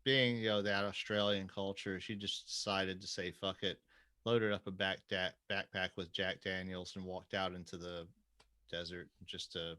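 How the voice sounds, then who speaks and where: Man, middle-aged, casual podcast chat, bright forward tone, animated, swears freely. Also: moderate pace, clean tone. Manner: animated storyteller, swears freely, jumps to high pitch when quoting others.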